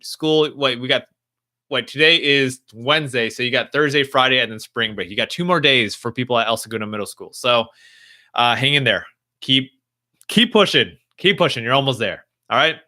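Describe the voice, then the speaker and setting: Bright-voiced man reassuring a live chat. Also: mid-range voice, moderate pace. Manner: gentle, reassuring, thinks aloud with restarts. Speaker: motivational speaker answering live chat. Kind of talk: casual live-stream Q&A.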